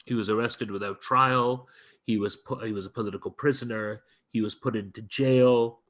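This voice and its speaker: A man's voice: fairly low pitch, steady tone, moderate pace, fairly bright tone. A male guest lecturer in an interview, retelling a story earnestly and emphatically, often restarting his phrases.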